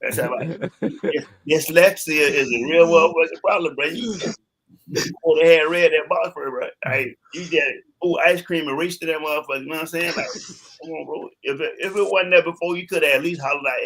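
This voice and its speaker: A man's voice: on the high side, a little fast, fairly bright tone, low-quality recording. A laid-back man. He drawls through his opinions. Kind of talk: casual chat.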